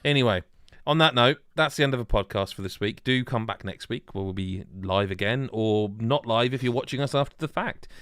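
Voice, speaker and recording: A man's voice: medium pitch, brisk, hardly any pauses, fairly bright tone, clear, resonant tone, dry recording, studio quality. A man hosting a casual gaming podcast, rambling and joking with lots of restarts. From Wales. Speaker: podcast host. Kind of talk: casual chat.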